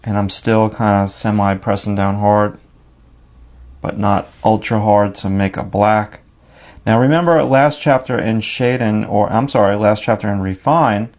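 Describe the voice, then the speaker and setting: A man's voice: fairly low pitch, darkish tone, lo-fi sound. A man with a New York accent narrating a drawing lesson, talking casually and thinking aloud as he works. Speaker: drawing teacher.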